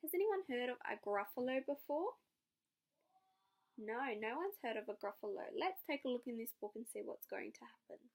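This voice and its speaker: A young woman teacher giving a read-aloud lesson, her voice high and full of lively rises and falls. She questions the children and praises their answers. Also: fairly quick, gravelly. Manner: questioning, encouraging classroom talk.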